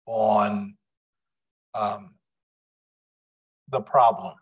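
A man giving a public lecture to a live audience in a room, speaking deliberately with frequent restarts. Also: medium pitch, low-quality recording. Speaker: guest lecturer.

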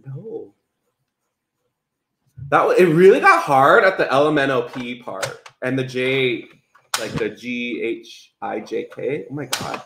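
A man co-hosting a live cooking stream from a home kitchen, chatting in a lively, exclamation-filled way. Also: medium pitch, gravelly, slight background noise. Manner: chatty and animated, quick exclamations. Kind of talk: casual live-stream chat while cooking.

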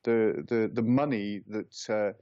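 A man working as a football pundit on a radio phone-in, talking in a measured, halting way as he thinks aloud. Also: on the low side, dark tone, no echo, lo-fi sound. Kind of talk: radio panel discussion.

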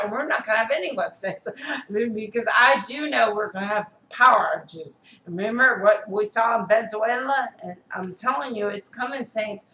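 A woman preacher delivers an earnest video sermon, urging her listeners on and checking in with them as she goes. Her voice sits a little high. The room is echoey, with a faint hum of background noise. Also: sharp tone. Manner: earnest, exhorting, repeats "okay?" to listeners. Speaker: prophetess preacher.

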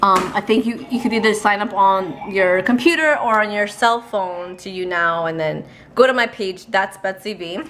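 A young woman chatting casually to her camera in a home vlog, bubbly and giggly and quick to gush. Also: medium pitch, fairly bright tone. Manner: bubbly, giggly, easily gushing. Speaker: vlogger. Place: at home, later in a car. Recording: noisy background hum.

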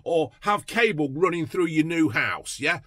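A man's voice: on the high side, lively intonation, unhurried, bright, forceful tone, no echo. A man giving a furious, sweary political rant, mocking and fuming as he talks. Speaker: political vlogger. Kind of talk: profane ranting commentary.

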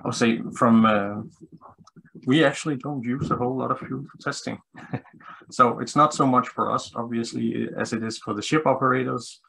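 A man's voice: medium pitch, fairly even intonation, moderate pace, gravelly, bright, forceful tone, husky, poor audio. A man speaking as a guest specialist on a webinar call, thoughtful, with many fillers and restarts. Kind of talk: webinar discussion.

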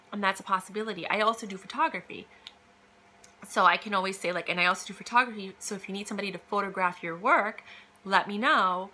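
Woman, bright tense voice, chatty motivational monologue, faint background hiss. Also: mid-range voice, fairly quick. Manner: chatty, emphatic, many fillers and quoted asides. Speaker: vlogger giving career advice.

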